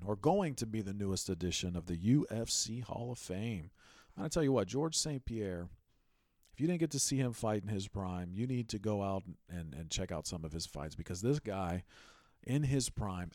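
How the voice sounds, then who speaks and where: A man with a lowish voice hosts a sports podcast, offering casual, emphatic commentary and energetic, animated storytelling. The studio sound is clean, with no room sound.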